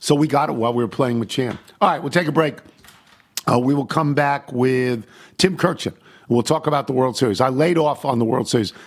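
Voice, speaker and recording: A man's voice: medium pitch, fairly quick. An older man hosting a talk show, chatting casually and telling rambling, self-deprecating stories. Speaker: host. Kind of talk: casual chat.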